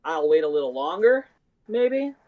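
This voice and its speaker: A man as a guest on a casual sports podcast, speaking haltingly with frequent pauses and fillers. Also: high-pitched, sing-song, dry recording, phone-quality sound. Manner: hesitant, halting, with many fillers and restarts. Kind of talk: casual fantasy football chat.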